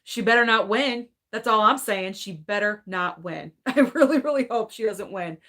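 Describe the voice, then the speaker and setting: A woman hosting a casual live stream about movies, reading viewer comments and sharing her opinions in a chatty, hedging way with lots of "like" and "I don't know". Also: mid-range voice. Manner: opinionated and animated, quick laughs. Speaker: movie channel host reading live chat.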